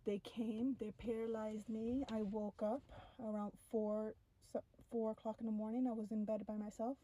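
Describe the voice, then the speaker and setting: A young woman tells a first-person story to camera in an animated, breathless way, with many "like" fillers. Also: fairly high pitch, normal speed, low-quality recording.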